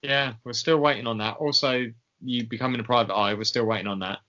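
A man co-hosting a podcast in casual chat, hesitant, filling pauses with ums. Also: mid-range voice, steady tone, pushed and bright, highs cut off. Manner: hesitant, lots of ums, often laughing. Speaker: podcast co-host.

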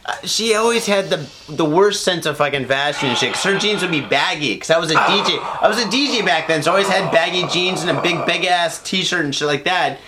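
A man's voice: a little high, brisk, few pauses, noisy background. A man in his thirties co-hosting a podcast, talking loosely with lots of swearing and laughter. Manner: loose, swearing, laughing, riffing on silly put-on voices. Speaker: podcast co-host. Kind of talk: casual chat.

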